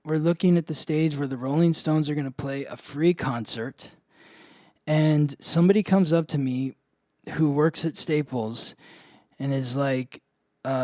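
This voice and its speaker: A man's voice: on the high side, moderate pace, darkish tone, no room sound, clean studio sound. A man co-hosting a podcast, telling a story in a casual chat full of "like" fillers. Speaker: podcast co-host, astrologer.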